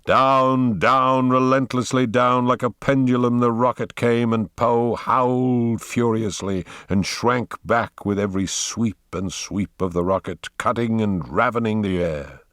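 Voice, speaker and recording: A man giving a slow, dramatic reading of an audiobook as its narrator. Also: mid-range voice, fairly even intonation, a bit bright, smooth, no room sound, studio quality. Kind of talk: scripted narration.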